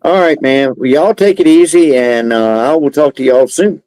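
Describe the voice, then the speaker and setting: A relaxed man guest on a casual chat stream, talking in an easygoing, unhurried way. His voice is mellow and mid-pitched, and the sound is dry. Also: no echo, rough recording.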